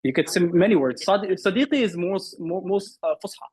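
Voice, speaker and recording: Man, Arabic teacher, husky, fairly high voice, repeats and corrects words, quizzes students. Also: fairly quick, a little mellow, poor audio. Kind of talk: online class teaching.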